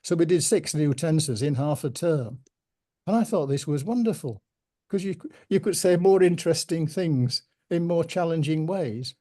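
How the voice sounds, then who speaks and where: An older man with a Yorkshire accent and open northern vowels speaks in a slightly high, mellow voice. He tells stories in a measured, thoughtful way, with gentle humour. He sounds like a guest settling into a reminiscing conversation. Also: expressive. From Yorkshire, England. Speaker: interviewee.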